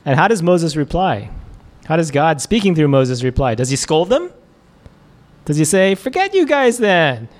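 A man preaching in a relaxed, conversational way, with a fairly high-pitched voice. He chuckles often and fills his pauses with "uh" and "um". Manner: casual, chuckling, many fillers. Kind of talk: conversational sermon.

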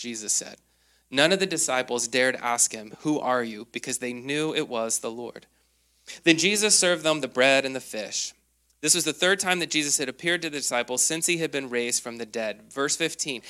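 Bright-voiced male pastor preaching. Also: a little high. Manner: animated storytelling with acted quotes, frequent "like". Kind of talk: sermon.

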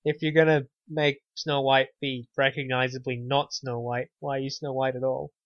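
A man's voice: medium pitch, level tone, moderate pace, no room sound. A man co-hosts a casual podcast chat in a mid-range voice, wry and sarcastic, cutting himself off and starting over. The recording is dull and lo-fi, with a dry, close sound. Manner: wry, sarcastic, trails off and restarts. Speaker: podcast co-host.

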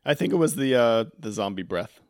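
A man's voice: medium pitch, animated, brisk, dry recording, clean studio sound. A man co-hosting a casual chat, tossing in wry jokes. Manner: wry, joking interjections. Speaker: podcast co-host.

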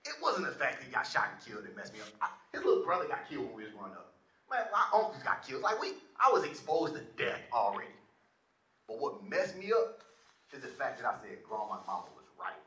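A man telling a personal testimony to a live audience in an animated, slangy, conversational way, often calling the crowd "y'all". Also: medium pitch, fast. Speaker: speaker sharing a personal testimony. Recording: echoey room, faint noise.

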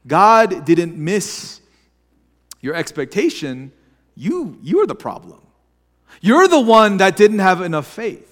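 A man with a high voice preaches to his congregation, casual and conversational, often restarting his phrases. His voice carries a long reverb from the church hall around him. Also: sing-song, takes it slowly, pauses often, a bit bright. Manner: conversational preaching with repeated restarts and acted asides. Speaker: pastor. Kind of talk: sermon. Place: church sanctuary.

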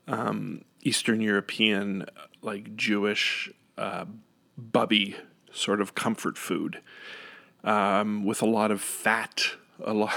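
A man's voice: lowish voice, creaky, a bit bright. A man telling a casual, rambling story into a close microphone, often correcting himself and laughing. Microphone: studio microphone up close.

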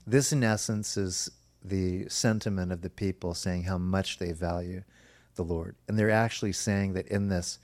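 A man preaching a sermon as pastor, earnest and emphatic, now and then slowing to a soft, drawn-out stress. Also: low-pitched, steady tone.

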